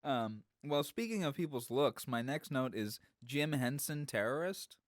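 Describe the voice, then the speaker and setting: A man's voice: mid-range voice, animated, unhurried, no echo, studio quality. A man co-hosting a podcast, chatting casually and making analytical points about films. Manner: analytical, cites film details readily. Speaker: co-host.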